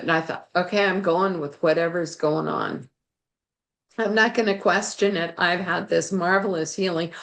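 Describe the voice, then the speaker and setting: A woman guest telling a personal story in an interview, animated and laughing now and then. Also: on the low side.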